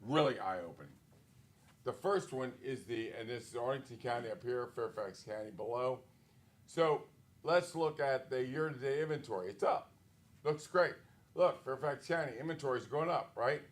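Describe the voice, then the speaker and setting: A man runs a live training session for real estate agents in a corporate studio. His voice sits in an ordinary middle pitch, and his delivery is punchy and insistent. He drives home each point with quick rhetorical questions. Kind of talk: live sales training talk.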